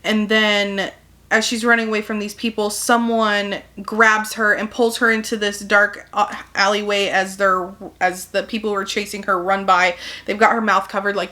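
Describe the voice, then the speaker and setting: A woman's voice: medium pitch, bright, forceful tone. A woman summarizing a book's plot for her vlog audience in a casual, chatty way, dropping in "like" often. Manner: chatty, peppered with "like", acts out quotes. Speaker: book reviewer.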